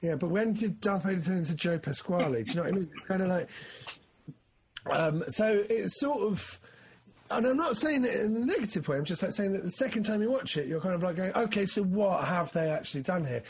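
Man, husky and a touch high-pitched; loose, rambling film chat with bursts of excitement. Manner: rambling, animated, acts out his excitement. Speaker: film discussion co-host. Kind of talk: casual chat.

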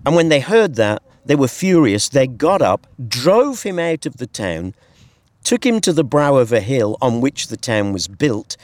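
A man's voice: medium pitch, very animated, unhurried, no room sound. A British man explaining a Bible story in an earnest, conversational way on a hilltop, with rhetorical asides. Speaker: Bible teacher guest. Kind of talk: outdoor conversational Bible teaching. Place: hilltop cliff edge outdoors.

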